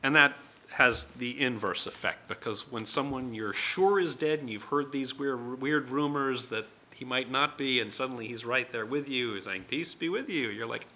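A man's voice: mid-range voice, normal speed, noisy background. A man preaching a sermon in a conversational way, acting out voices in the stories he tells. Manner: conversational, acts out quoted voices.

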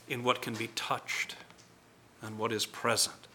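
A man's voice: mid-range voice, steady tone, moderate pace, bright, forceful tone, a little hiss or hum. A man preaching a sermon in a conversational way, acting out voices in the stories he tells. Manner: conversational, acts out quoted voices.

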